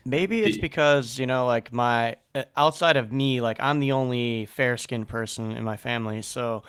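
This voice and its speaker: A man's voice: mid-range voice, normal speed, a bit bright, smooth, no room sound, clean studio sound. A man hosting a casual podcast chat, talking loosely and laughing easily. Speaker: podcast host.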